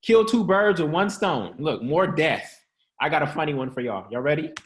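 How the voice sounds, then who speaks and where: A man hosts an upbeat online church-style teaching, motivational and casually slangy, joking, laughing often and quizzing his listeners. His voice is on the high side and very animated, at normal speed.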